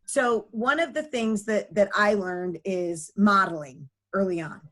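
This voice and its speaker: A woman's voice: mid-range voice, measured pace, a bit bright. A middle-aged woman, a nonprofit founder, telling her story as a guest in an earnest, chatty way with many fillers. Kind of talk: conversational storytelling.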